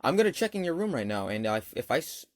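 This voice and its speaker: A man's voice: medium pitch, big pitch swings, fast talker, no room sound, clean studio sound, lightly acted. A man voicing a suspicious middle-aged mother who questions her son and scolds him. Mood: threatening.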